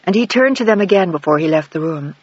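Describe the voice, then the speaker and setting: Husky high-voiced male audiobook narrator. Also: lively intonation, quick pace, dry recording. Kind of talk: scripted narration. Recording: dull lo-fi dry recording.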